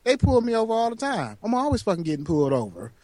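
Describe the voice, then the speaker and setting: A man telling a profane, animated story on a casual podcast chat. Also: high-pitched, fast talker, dry recording. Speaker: podcast co-host.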